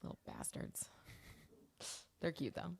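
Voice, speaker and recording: A woman's voice: slow, a little mellow. A young woman co-hosting a podcast in casual chat, dropping wry, sarcastic quips. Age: young adult. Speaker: podcast co-host.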